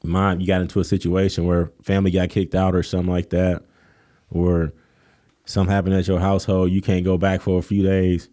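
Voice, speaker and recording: Low, mellow-voiced man telling stories. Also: brisk. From Kenosha, Wisconsin. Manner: animated storytelling, acts out quotes in a raised voice. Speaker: guest, college coach. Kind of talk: casual storytelling interview.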